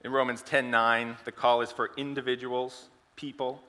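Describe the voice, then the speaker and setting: Guy preaching, tells a story then keeps asking the church questions, bright voice, echoey hall. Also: medium pitch, level tone, moderate pace. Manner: storytelling, asks the congregation questions. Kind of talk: sermon with an acted illustration.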